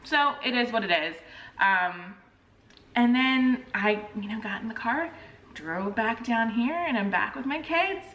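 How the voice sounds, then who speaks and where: A woman in her thirties chatting casually to camera as a vlogger, telling a story in an animated way and acting out the people in it. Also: on the high side, a little slow, slight background noise. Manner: animated storyteller, acts out quoted phone calls. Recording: roomy echo, mic at a distance.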